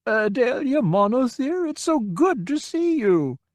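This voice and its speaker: A man's voice: extremely high pitch, very animated, no room sound, studio quality, voice pushed up, exaggerated voice. A man doing a quavering, confused old man. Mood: wavering, confused. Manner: quavering, hesitant, slow. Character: confused frail old man, wavering and kindly.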